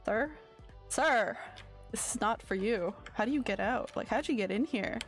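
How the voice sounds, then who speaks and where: A woman's voice: on the high side, fairly quick, faint music behind. A woman streamer giving casual gameplay commentary in a sleepy, rambling way, often searching for her words. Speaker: game streamer.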